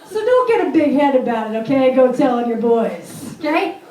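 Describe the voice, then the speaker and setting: High-voiced woman comic from vermont, brash and self-mocking, swoopy, echoey club from a distance. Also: big pitch swings, moderate pace, a little mellow, a faint crowd, a little hiss or hum. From Vermont, USA. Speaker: stand-up comedian. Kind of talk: stand-up comedy set. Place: comedy club stage.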